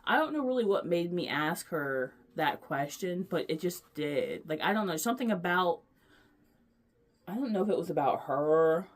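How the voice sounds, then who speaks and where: Low-voiced woman chatting in a ramble. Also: animated, normal speed. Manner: rambling, chatty, lots of fillers and restarts; gushing, affectionate. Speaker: vlogger. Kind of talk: casual chat.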